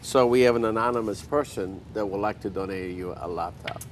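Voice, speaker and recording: A man hosting a local cooking show, speaking in a warm, halting way with many pauses. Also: fairly low pitch, a little hiss or hum.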